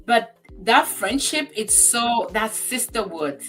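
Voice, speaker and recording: A woman's voice: on the high side, lively intonation, slow, a bit bright, soft background music. A woman on a talk show, speaking in an emphatic, heartfelt way as she tells personal stories. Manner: acts out friend's remarks in quoted voices. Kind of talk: casual chat.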